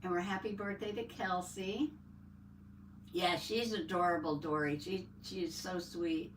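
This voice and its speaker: A woman's voice: on the low side, fairly even intonation, a little slow. Older lady chatting on a craft livestream, greeting folks by name, echoey room, faint hiss behind. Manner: chatty, greets viewers by name, reads out chat. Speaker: livestream host. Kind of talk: casual livestream chat while crafting. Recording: roomy, distant mic, faint background noise.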